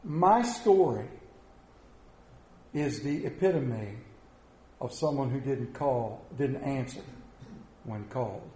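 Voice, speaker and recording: A middle-aged man preaching a sermon as the church's pastor, telling stories and dropping from loud to soft. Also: medium pitch, expressive, takes it slowly, long pauses, a little hiss or hum. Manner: storytelling, swinging between soft and loud. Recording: echoey church hall.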